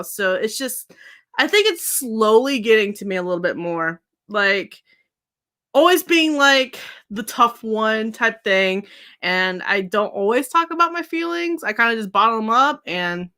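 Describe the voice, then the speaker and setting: A woman's voice: fairly high pitch, pushed and bright. A young woman hosting a casual beauty livestream, rambling effusively to her viewers and laughing often.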